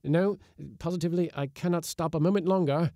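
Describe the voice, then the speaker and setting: A man's voice: on the high side, steady tone, fairly quick, mellow, no echo, clean studio sound, pitched above the performer's own voice, lightly acted. A man voicing a pale, scornful anarchist visitor in a Victorian tale. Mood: hurried.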